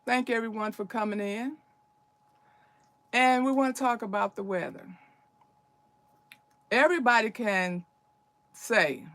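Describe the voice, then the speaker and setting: Urgent older woman, slow and preachy. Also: fairly high pitch, expressive, no room sound. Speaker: livestream host. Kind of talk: casual livestream chat.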